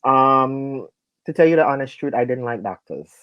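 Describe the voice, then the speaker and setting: Halting man co-hosting a chat. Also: medium pitch, lively intonation, muffled recording. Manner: hesitant, halting, with many fillers and restarts. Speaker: co-host. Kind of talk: casual live talk show chat.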